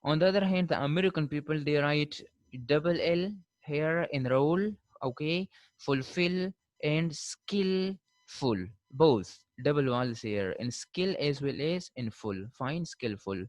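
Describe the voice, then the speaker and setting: A man giving a classroom lecture on spelling, pausing with "uh" and repeating "fine" as he spells out letters. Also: fairly high pitch, dry recording, rough recording. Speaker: linguistics lecturer.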